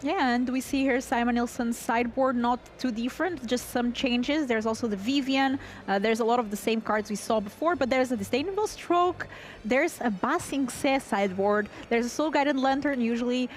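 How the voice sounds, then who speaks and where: A woman's voice: on the high side, normal speed. A woman co-commentating a card game match in a chatty, playful way, narrating the plays. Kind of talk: live esports commentary. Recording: faint background noise.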